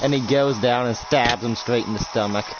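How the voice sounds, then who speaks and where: A man's voice: medium pitch, fairly even intonation, normal speed. A young man narrating a casual game roleplay, rambling with lots of fillers. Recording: lo-fi recording with music behind.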